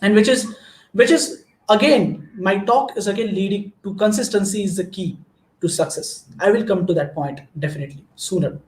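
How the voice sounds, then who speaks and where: Indian guy w a high voice giving a pep talk to students, earnest, tells little stories, roomy echo. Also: moderate pace, a little mellow. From Maharashtra, India. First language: Marathi. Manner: earnest, storytelling, frequent restarts. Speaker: guest speaker. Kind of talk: motivational talk.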